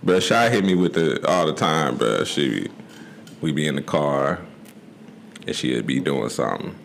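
A man's voice: very deep voice, expressive, moderate pace, gravelly, a little hiss or hum. A man co-hosting a podcast, telling stories in laid-back slang and laughing often. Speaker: podcast co-host. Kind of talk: casual chat.

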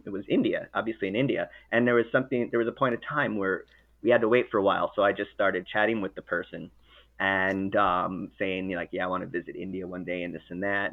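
A man chatting casually as host, rambling with many restarts and self-corrections. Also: lowish voice. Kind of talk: casual chat. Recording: narrow phone-like sound.

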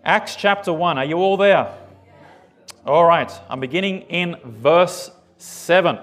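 Guy preaching a sermon, high voice, animated, keeps checking if everyone's following. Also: measured pace. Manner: animated, asks the congregation questions. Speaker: pastor.

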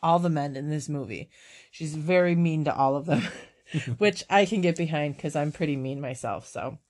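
A woman's voice: sits low, normal speed. A woman co-hosting a casual movie chat, swearing freely and laughing often as she recounts favorite scenes. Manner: profane, animated, laughs often.

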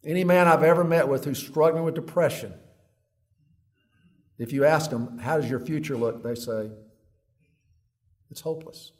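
A man preaching a sermon in an earnest way, reading long quotes aloud like a story and dropping low and quiet on heavy words. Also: moderate pace, long pauses.

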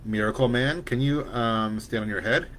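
A man voicing an eager little boy with superpowers who gets excited and whines when told no. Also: mid-range voice, normal speed, slight background noise, lightly acted.

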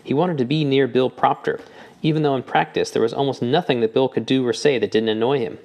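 A man narrating a novel in a measured, even audiobook reading. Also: medium pitch. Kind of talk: scripted narration.

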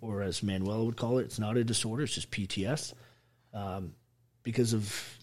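A man's voice: on the low side, steady tone, moderate pace, darkish tone. An army veteran telling his story as an interview guest, blunt and full of swearing. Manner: blunt, heavily profane, emphatic.

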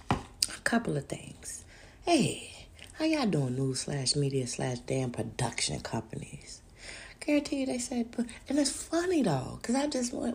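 A woman hosting a podcast in casual chat, loose and rambling, profane and animated, often laughing and slipping into voices to quote people. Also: mid-range voice, vocal fry. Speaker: podcast host.

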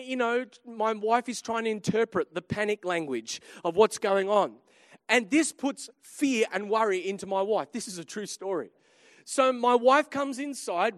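A man preaching a sermon, telling a humorous family story with lively swings between quiet and loud. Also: high voice, dry recording, studio quality. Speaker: pastor.

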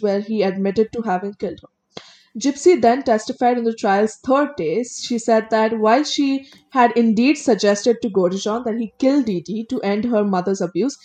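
A co-host on a casual true-crime podcast walks through a criminal case, reading out the facts before breaking off with her own blunt opinions. Her voice is on the high side, and she occasionally trips over a word.

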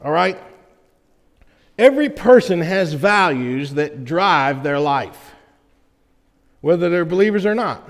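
Folksy pastor in a reverberant sanctuary. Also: male voice, a little high, lively intonation, slow, long pauses. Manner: folksy, with frequent "right?" check-ins to the congregation. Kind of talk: conversational sermon to a congregation. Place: church sanctuary.

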